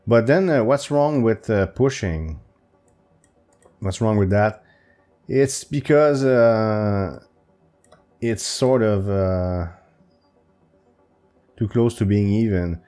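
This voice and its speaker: A man thinking aloud while solving chess puzzles for his channel, hesitant and full of restarts. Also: warm tone. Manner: hesitant, self-talking with restarts and pitch jumps. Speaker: chess video creator.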